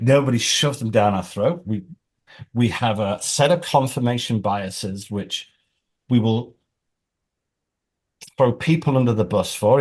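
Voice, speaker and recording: Animated man explaining with scenarios. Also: fairly low pitch, breathy edge. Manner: animated storyteller. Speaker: executive coach.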